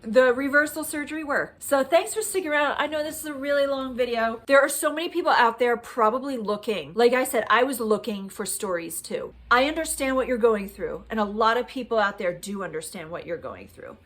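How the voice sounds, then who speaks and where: 30s woman vlogging on her phone, chatty storytelling, acts out what people said, kinda high voice. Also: brisk, few pauses. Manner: chatty, animated retelling with quoted dialogue and laughs. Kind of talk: casual storytelling to camera. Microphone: phone camera.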